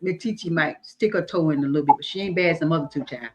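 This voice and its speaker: A woman's voice: sits low, fast, soft background music. Folksy woman telling stories. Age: middle-aged. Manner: storytelling, folksy, calls listeners honey and baby. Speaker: guest, online creator. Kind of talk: casual livestream chat.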